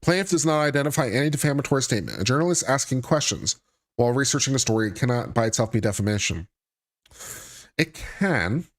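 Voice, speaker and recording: Reading aloud from a court filing during a live stream, this male host repeatedly stops to add wry, sarcastic remarks on the legal text. He talks quickly and expressively at medium pitch.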